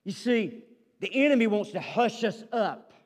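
A male pastor preaching a sermon, reading scripture slowly and then pressing his points with rising fervor. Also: high-pitched, animated, in a large hall.

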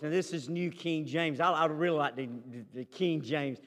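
Male pastor, fairly high voice, slow scripture reading, growing fervor, church reverb. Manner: reads scripture slowly, then preaches with rising fervor. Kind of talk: sermon.

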